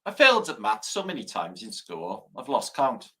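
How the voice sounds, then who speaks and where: A man hosts a casual live stream, his voice jumping about in pitch with a bright, forward tone. He swears freely and reels off dad jokes between greetings to viewers. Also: wildly swooping pitch, moderate pace. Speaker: livestream host.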